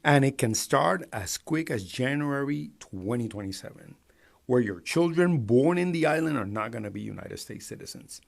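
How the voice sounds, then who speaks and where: A man in an angry political rant, profane, breaking into shouting bursts. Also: mid-range voice, animated, normal speed, creaky. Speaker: commentator.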